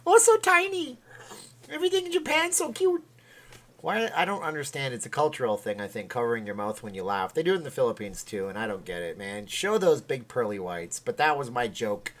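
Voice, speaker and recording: Tired, chatty livestream host. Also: male voice, lowish voice, animated, quick pace, few pauses. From Canada. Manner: rambling, joking, chatty. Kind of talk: casual livestream chat.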